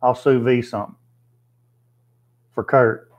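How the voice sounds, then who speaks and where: A man's voice: medium pitch, fairly even intonation, slow. Folksy man on a livestream. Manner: folksy, plainspoken, thinks aloud with fillers. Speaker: livestream host. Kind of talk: casual live chat reading viewer comments.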